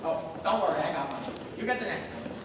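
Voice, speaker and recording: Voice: mid-range voice, animated, fast talker, lightly acted. A student actor playing a bossy, sarcastic older married man who works as a caterer, in a live stage play. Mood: grumbling. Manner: bickering, blustery, sarcastic. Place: school auditorium stage. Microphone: distant stage pickup. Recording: echoey hall from far off, noisy.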